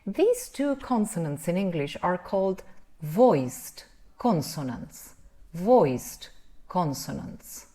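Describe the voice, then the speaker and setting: Lady teaching english sounds, super slow, voice goes way up and down. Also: on the low side, sing-song, warm tone. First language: Spanish. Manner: drawn-out sounds, frequent "right?" checks. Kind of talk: pronunciation lesson.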